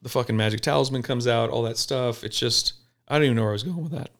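A police officer talking bluntly and profanely in a casual podcast chat, telling animated stories. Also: male voice, mid-range voice, quick pace. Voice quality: gravelly.

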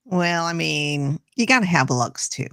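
A woman's voice: low-pitched, animated, a little slow, creaky, a bit bright, no room sound, studio quality. A woman co-hosting a fan review podcast in casual chat, talking emphatically and laughing easily. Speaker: podcast co-host.

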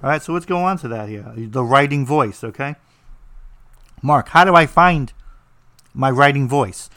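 A man's voice: mid-range voice, expressive, unhurried, bright, forceful tone, no echo, clean studio sound. A man with a New Jersey accent, teaching about writing in a blunt, rambling, joking way with lots of fillers. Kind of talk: casual monologue.

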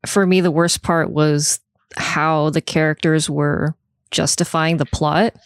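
A woman's voice: low-pitched, fairly even intonation, slow pace, clean tone, no echo. Blunt woman on a podcast chat. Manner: blunt, swears, laughs often. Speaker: podcast co-host. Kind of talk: casual chat. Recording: dry close mic, webcam call.

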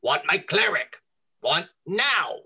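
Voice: medium pitch, big pitch swings, takes it slowly, bright, forceful tone, slightly rough, pitched above the performer's own voice, exaggerated voice. A storyteller voicing a small, lewd male goblin who hisses and taunts while reading a story aloud to friends. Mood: taunting. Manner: hissing, taunting.

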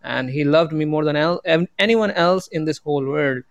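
A man from India calls into a podcast, pausing as he searches for the right words. His voice sits fairly high with a gravelly fry. The sound is dry and close. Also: no room sound. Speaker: caller. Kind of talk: casual call-in chat.

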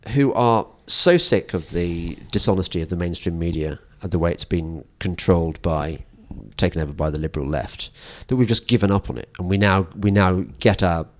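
A man hosting a podcast interview, talking in an animated way with frequent restarts and teasing asides. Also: deep voice, normal speed, hardly any pauses. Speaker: podcast host. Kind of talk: conversational interview.

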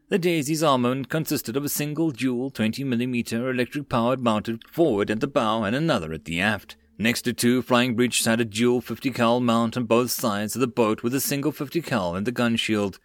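Man, audiobook narrator, web novel, mid pitch, dry close mic. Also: brisk, few pauses, no echo.

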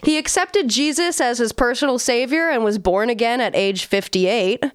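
A woman's voice: fairly high pitch, moderate pace, smooth, no room sound. A woman co-hosting a podcast, telling a story in a casual, profane, chatty way. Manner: relaxed, profane, laughing asides. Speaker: podcast co-host.

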